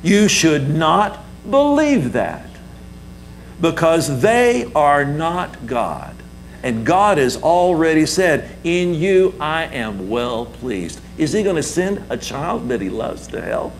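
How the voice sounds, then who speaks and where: Male pastor, emphatic sermon delivery with call-and-response, slow and swooping in pitch, faint hum on the recording. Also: sing-song, creaky, rough recording.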